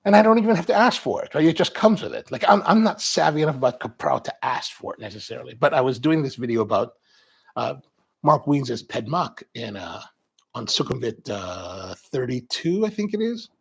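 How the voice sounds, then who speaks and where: A man's voice: mid-range voice, sing-song, normal speed, vocal fry, slightly rough. A middle-aged man telling a casual, rambling story, often stopping and restarting, with an amused tone. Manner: rambling, self-interrupting, amused. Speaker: coffee vlogger. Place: suburban Baltimore area.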